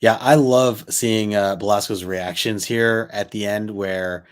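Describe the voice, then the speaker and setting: A man with a somewhat low voice co-hosts a comic book stream. He talks in a relaxed, unhurried way, often hesitating mid-thought with fillers. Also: clear, resonant tone. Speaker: co-host. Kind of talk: casual comic book discussion.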